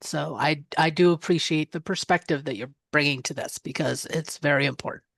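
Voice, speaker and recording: Woman, Q and A participant, earnest, appreciative, lower voice, dry sound. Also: fairly quick, vocal fry, a bit bright, no echo.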